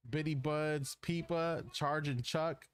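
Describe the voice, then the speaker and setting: A man's voice: on the high side, steady tone, slow, smooth. A man co-hosting a casual gaming podcast, reading through a long character list and stumbling over names. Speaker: podcast co-host.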